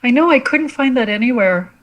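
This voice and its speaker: A woman from Canada, a guest on a podcast, chatting casually and in an animated way. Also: fairly high pitch, brisk, low-quality recording. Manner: animated, quotes lines from scenes. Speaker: guest, comedic actress.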